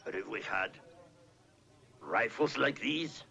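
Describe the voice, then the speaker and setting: An actor playing a sorrowful old village elder, speaking slowly and gravely in an old film. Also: male voice, lowish voice, lively intonation, heavily acted. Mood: somber. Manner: slow, grave, measured. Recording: film soundtrack with loud score.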